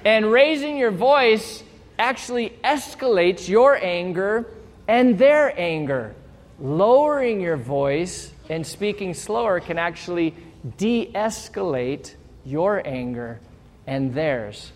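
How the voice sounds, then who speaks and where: A man with a high voice preaches to a congregation in a playful, animated way, acting out short exchanges to make each point. His voice carries a long reverb, as in a large hall. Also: takes it slowly. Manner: animated, playful, acts out little quoted exchanges. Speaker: pastor. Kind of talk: sermon.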